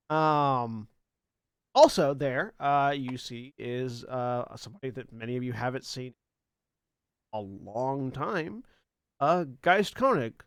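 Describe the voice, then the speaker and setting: A man narrating a tabletop game as game master, in a loose, halting way that breaks into laughs now and then. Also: mid-range voice, animated, clean tone, no echo, studio quality.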